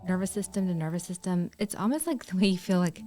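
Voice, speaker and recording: Woman podcast cohost, lowish voice, calm and reassuring, explains stuff patiently, faint music behind. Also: fast talker. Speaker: podcast co-host. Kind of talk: casual podcast conversation.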